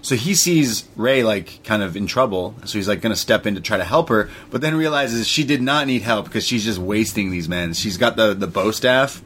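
A man co-hosting a movie podcast, casually recapping the plot in a rambling way with quick voiced asides. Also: fairly low pitch, lively intonation, fairly bright tone, a little hiss or hum. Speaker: podcast co-host. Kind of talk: casual movie review chat.

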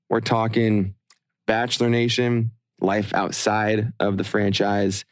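A man co-hosting a podcast in a casual, laid-back chat, his voice sitting a little low. He talks with frequent fillers and restarts. The sound is dry and close, with no room to it. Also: completely flat delivery, slow pace, dry recording. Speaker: podcast co-host.

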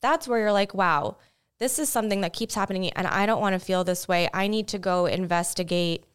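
Young woman cohost, lowish voice, super smooth, rambly and reflective. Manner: rambling, reflective, lots of likes and you knows. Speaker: podcast co-host. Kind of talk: casual chat.

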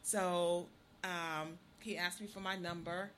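Middle-aged woman cohost, really bright voice, animated storytelling, laughs a lot. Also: on the low side, slow, slight background noise. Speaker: radio show co-host. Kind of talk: casual chat, storytelling.

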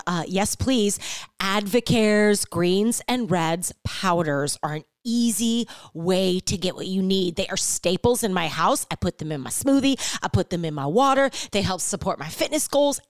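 A woman's voice: medium pitch, no echo, clean studio sound. A woman hosting a podcast, bubbly and playful, chatting with guests and reading an ad. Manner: bubbly, animated, with playful asides. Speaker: podcast host. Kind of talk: casual interview chat and ad read.

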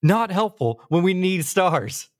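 Animated man hosting a gaming podcast. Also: high voice, takes it slowly. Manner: animated storytelling, mimics friends; casual, fillers like "like". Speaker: podcast host. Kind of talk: casual gaming chat.

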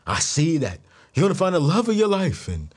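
A man voicing a mystical older woman psychic in a low, drawn-out, mock-solemn voice. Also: huge pitch swings, a little mellow.

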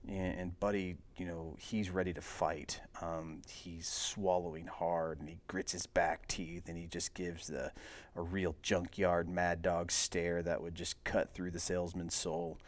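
Deep-voiced man rambling through a movie recap. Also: a little slow. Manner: relaxed, rambling, many filler words. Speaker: podcast host.

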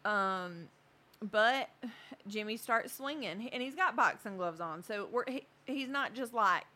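A woman who coaches jiu-jitsu, telling a story in a chatty, animated way with plenty of fillers. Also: mid-range voice, measured pace. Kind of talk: casual storytelling.

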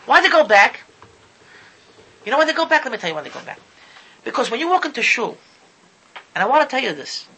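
A man's voice: high-pitched, gravelly, bright, forceful tone, a little hiss or hum, rough recording. A man giving an impassioned sermon, often stumbling over and repeating his words as he talks. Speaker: Torah speaker. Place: lives in Israel.

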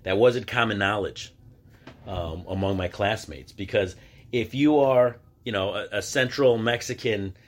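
A man's voice: lowish voice, measured pace. Man telling stories in a casual podcast. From United States. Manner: conversational storytelling, acting out quoted voices; frequent restarts and filler words. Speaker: podcast host. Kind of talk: casual solo podcast monologue.

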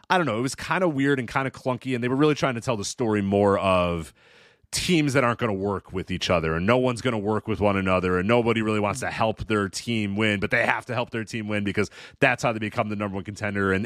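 A man's voice: lowish voice, quick pace, no room sound, studio quality. A man hosting a podcast, talking in a laid-back, rambling way and laughing along with his guest. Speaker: podcast host. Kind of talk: casual podcast chat.

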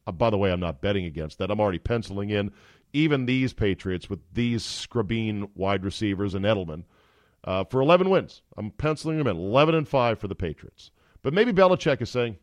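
A man hosting a sports podcast, delivering an animated, opinionated, sometimes profane monologue. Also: lowish voice, brisk, no echo, clean studio sound. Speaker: podcast host.

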